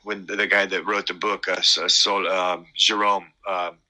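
Low, forceful middle-aged man rambling. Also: level tone, poor audio. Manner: rambling, halting with many fillers and restarts. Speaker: guest musician. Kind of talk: casual interview.

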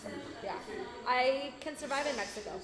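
American woman, slightly high, roomy sound. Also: moderate pace, music in the background. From United States. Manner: explains words patiently, laughs easily. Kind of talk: casual conversation. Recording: roomy echo.

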